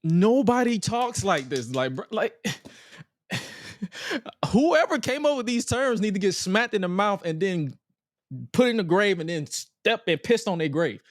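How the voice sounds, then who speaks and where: A man's voice: high-pitched, expressive, unhurried, no echo, clean studio sound. A man co-hosting a podcast, ranting bluntly and profanely in casual chat. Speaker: podcast co-host.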